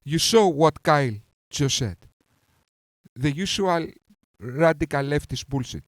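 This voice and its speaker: A man hosting a reaction commentary, talking with heated scorn and insults and swinging between outbursts and calmer stretches. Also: on the high side, a little slow, long pauses, dry recording. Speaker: commentary channel host.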